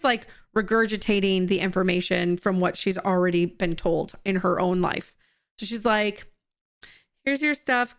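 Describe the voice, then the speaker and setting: A woman's voice: fairly high pitch, a bit bright. A woman in her thirties, a coaching host, telling personal stories in a candid, conversational way with some laughs. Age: 30s.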